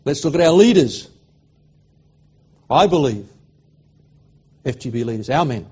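Husky-voiced Australian preacher, fervent. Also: male voice, mid-range voice, lively intonation, measured pace, pauses often. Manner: swings from loud fervent declarations to hushed emotional storytelling. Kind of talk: sermon.

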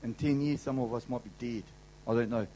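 A man's voice: medium pitch, steady tone, a little fast, slight background noise, low-quality recording. A middle-aged man with a New Zealand accent, giving an emphatic, colloquial sermon testimony to a convention crowd. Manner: emphatic, colloquial, swings loud and soft. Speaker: convention speaker.

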